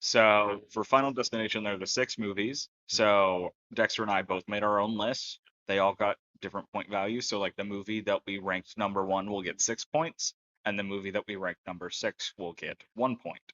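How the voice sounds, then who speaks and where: Low-voiced man, dry muffled podcast mic. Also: steady tone, moderate pace, fairly bright tone, no room sound. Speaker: podcast co-host. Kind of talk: casual podcast chat.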